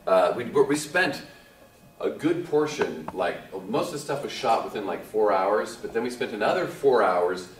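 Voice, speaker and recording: A man in his forties, an actor guest telling lively anecdotes to a convention audience, acting out what others said and laughing often. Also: lowish voice, moderate pace, a little hiss or hum. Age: 40s. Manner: animated storyteller, acts out quotes, laughs often. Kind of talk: casual anecdote to a live audience. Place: convention hall. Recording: echoey hall, distant mic.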